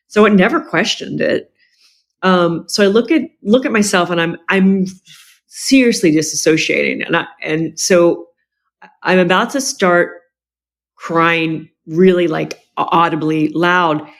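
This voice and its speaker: A middle-aged woman, a podcast guest, telling a personal family story candidly, with quick asides. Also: on the low side.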